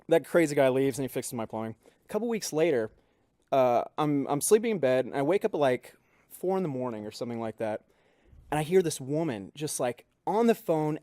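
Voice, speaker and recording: Animated man telling a story. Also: on the high side, no room sound, clean studio sound. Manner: animated storyteller acting out quoted people. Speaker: podcast co-host. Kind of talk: casual storytelling. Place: podcast studio.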